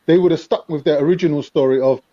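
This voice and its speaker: A man's voice: fairly high pitch, fast talker, mellow, muffled recording. A man, chatting as a panelist in a casual, slangy, mocking way.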